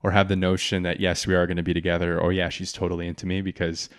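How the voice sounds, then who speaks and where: A man's voice: deep voice, flat delivery, fast talker, clean tone, no echo, studio quality. A man guesting on a podcast, speaking hesitantly and reflectively, with many trailing restarts. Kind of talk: casual podcast chat.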